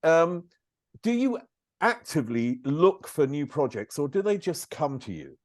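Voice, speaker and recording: A man's voice: fairly high pitch, big pitch swings, measured pace, darkish tone, no room sound, clean studio sound. A man hosting an interview, who asks long, rambling questions and laughs lightly. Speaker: interviewer, host.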